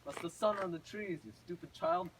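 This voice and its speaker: A bossy stepmother who barks orders and scolds the children, as a storytelling man puts her on. The voice is fairly high and comes from some way off the mic, with faint noise behind. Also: fairly quick, fairly bright tone, recorded from a distance, poor audio. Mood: scolding.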